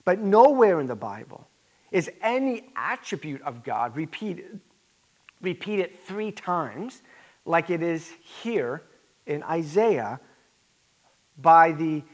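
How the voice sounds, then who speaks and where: Man, pastor, sermon, high-pitched, emphatic, conversational asides.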